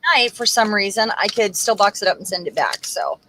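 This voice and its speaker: A woman's voice: medium pitch, a little fast, noisy background. A woman co-hosting a craft livestream, chatting in a rambling way while she works. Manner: animated, rambling. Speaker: livestream co-host. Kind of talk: casual chat while crafting.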